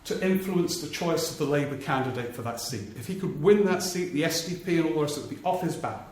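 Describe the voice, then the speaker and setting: A man's voice: on the high side, fast, darkish tone. A man, a political journalist, telling anecdotes in a live stage talk before an audience and mimicking politicians' voices for laughs. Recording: very echoey live theatre recording, faint noise.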